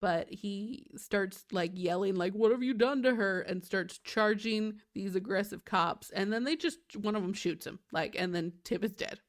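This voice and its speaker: A woman's voice: mid-range voice, unhurried, hardly any pauses. A woman hosting a podcast, recapping a show in chatty casual talk packed with "like". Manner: chatty, fills with "like" constantly. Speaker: podcast host.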